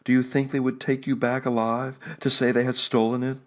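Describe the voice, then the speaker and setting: A man's voice: mid-range voice, little pitch movement, a little fast, voice pushed up, natural voice. A man voicing a desperate young mother who urges her husband to flee, pressing him with hard questions. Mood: urgent pleading.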